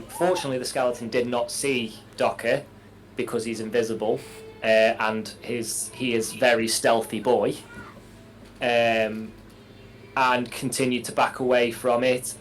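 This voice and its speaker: A man's voice: medium pitch, slight background noise, rough recording. A man playing a tabletop game, recounting his character's actions hesitantly with many fillers. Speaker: player.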